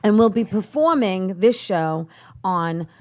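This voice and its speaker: A woman's voice: medium pitch, lively intonation, slow, a little mellow. A woman guest in casual conversation, telling a story in a chatty way. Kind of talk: casual chat.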